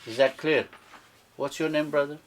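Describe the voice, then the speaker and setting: A man's voice: on the high side, fairly even intonation, moderate pace, slight background noise. A man giving an interactive teaching talk to a live audience at an event, quizzing listeners and often checking in with "yeah?". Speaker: speaker at a book launch.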